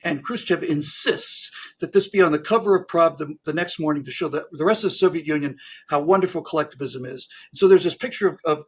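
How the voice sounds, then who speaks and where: A man's voice: fairly high pitch, vocal fry, fairly bright tone, husky. A man talking with a host, telling jokes and acting out the characters in them, with many restarts. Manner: acts out characters in stories, frequent restarts. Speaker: narrator and historian, guest. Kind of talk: animated joke-telling in a conversation.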